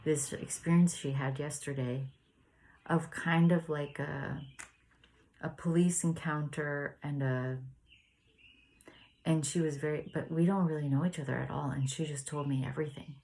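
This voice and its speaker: Woman w a low voice, gentle rambly sharing, laughs a lot. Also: fairly even intonation, normal speed, gravelly. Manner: gentle, meandering, laughs often. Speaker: spiritual study group leader. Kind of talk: casual reflective sharing and reading aloud.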